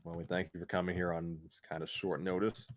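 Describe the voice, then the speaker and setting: Low-voiced man hosting a casual chat. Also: flat delivery, fairly quick, slight background noise. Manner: rambling, laughs often, low-key. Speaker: host of a story reading show.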